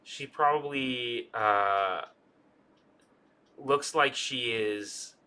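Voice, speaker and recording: A man's voice: mid-range voice, very slow, bright, forceful tone, smooth. A man running a tabletop game as game master, playful and theatrical.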